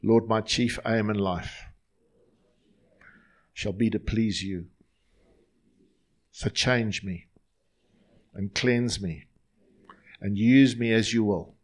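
A man's voice: fairly low pitch, slow, pauses often. A male pastor leading his congregation in an earnest, line-by-line prayer during a sermon in a church.

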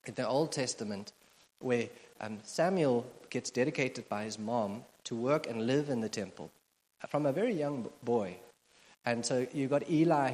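A male pastor delivers a sermon in a casual, humorous way, trailing off into fillers and restarts. His voice sits at an ordinary middle pitch for a man. The sound carries the long, echoing reverb of a large church hall. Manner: conversational, self-deprecating humor, frequent fillers. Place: church auditorium.

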